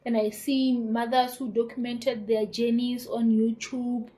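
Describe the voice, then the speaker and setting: A young South African woman in her twenties tells a personal story to her channel in a casual, animated way. Her voice sits slightly higher than most, and she slips into the voices of the people she quotes. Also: a little slow, rough recording. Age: 20s. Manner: animated retelling with quoted dialogue and laughter. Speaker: YouTuber.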